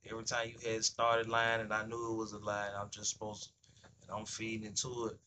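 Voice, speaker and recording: Speaking in a low-leaning monotone at a brisk clip, this man hosts a livestream against a noisy background. The casual monologue comes in blunt street slang laced with profanity, with him acting out both sides of everyday talk.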